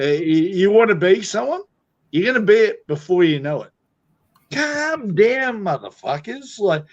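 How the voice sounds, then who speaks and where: A man on a casual chat, rambling loosely and swearing heavily. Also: fairly high pitch. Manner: profane, rambling, heavy swearing. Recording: dull lo-fi audio.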